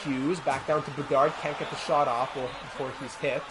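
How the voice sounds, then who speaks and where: Over background noise, a man speaks at normal speed in a level, mid-range voice. He's playing a hockey video game on stream, calling the action in a put-on sportscaster style and tossing asides to chat between plays.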